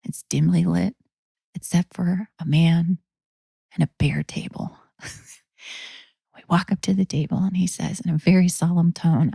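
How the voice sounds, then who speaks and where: A woman hosting a spiritual talk, telling a guided story slowly and often dropping into a whisper. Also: lowish voice, fairly even intonation, vocal fry, warm tone, husky, no echo, studio quality. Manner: slow, drifting into whispers. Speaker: host.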